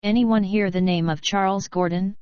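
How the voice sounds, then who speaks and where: A woman's voice: medium pitch, fairly even intonation, moderate pace, smooth, no room sound, muffled recording, natural voice. A woman voicing a lounging male telegraph clerk who speaks in an offhand, casual way.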